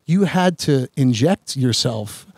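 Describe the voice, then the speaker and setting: A man on a podcast, telling a long story in a rambling, animated way with many restarts. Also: mid-range voice, slow, breathy edge, no echo, clean studio sound. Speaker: podcast host. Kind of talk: casual storytelling chat.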